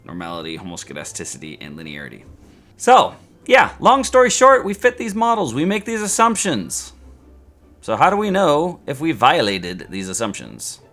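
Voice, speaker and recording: Animated, playful male statistics teacher. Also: mid-range voice, moderate pace. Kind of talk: scripted educational video.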